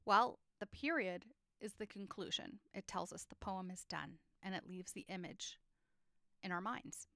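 A woman teaching a lesson on poetry structure, explaining clearly and reading poems aloud with feeling. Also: mid-range voice, a little slow, sharp tone, no echo, studio quality.

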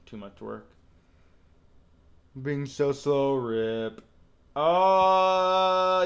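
A man streaming a game, reacting live and rating each landing out loud with quick, excitable commentary. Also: mid-range voice, creaky.

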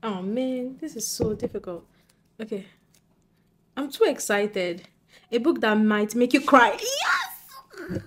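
Giggly, excitable young woman. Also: on the high side, measured pace, pauses often. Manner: excitable, giggly, talks to her viewers directly. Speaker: book vlogger. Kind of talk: casual chat to camera.

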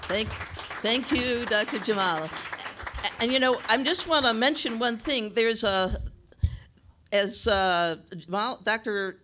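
This is a woman acting as moderator at a panel forum. Her voice sits a touch high. She talks in a relaxed, thoughtful, conversational way. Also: slow pace, some chatter behind, slight background noise. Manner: conversational, thoughtful, with light laughter. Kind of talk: panel discussion remarks.

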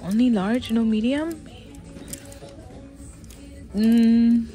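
A woman's voice: a little high, extremely slow, soft background music. Woman whispering in a store vlog. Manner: chatty, often drops to a whisper, excited gasps. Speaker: vlogger. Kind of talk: casual shopping vlog. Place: inside a large department store.

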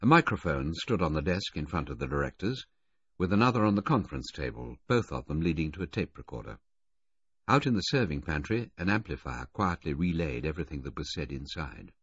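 A man reading a first-person thriller aloud in a low, husky voice. His pitch moves a lot as he tells the story. The recording is dry and a little dull. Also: sing-song, brisk, no echo. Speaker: audiobook narrator. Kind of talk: first-person scripted narration.

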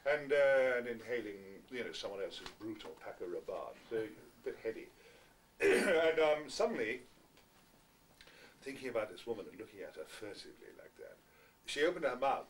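An older man spins wry, self-mocking stories with a theatrical flair, his pitch rising and falling in lively swoops. He is caught from a distance on an amateur recording, with a faint hiss underneath. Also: moderate pace. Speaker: guest actor answering fans. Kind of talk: anecdotal storytelling. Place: small packed venue, indoors.

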